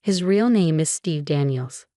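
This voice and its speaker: A woman's voice: deep voice, animated, measured pace, mellow, dry recording, clean studio sound. A woman voicing a young female friend sharing urgent news.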